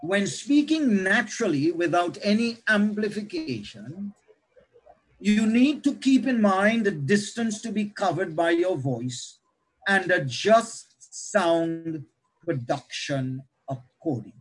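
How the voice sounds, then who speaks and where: A man, himself a pastor, lecturing other pastors on how to preach, with animated teaching that shifts pace and loudness. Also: sits high, takes it slowly, husky, low-quality recording.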